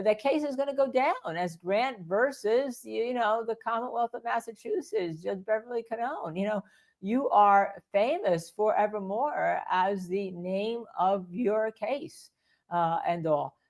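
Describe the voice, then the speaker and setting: A woman's voice: mid-range voice, a little mellow. An older woman who is a defense attorney, hosting live legal commentary in a rambling way and repeating points for emphasis.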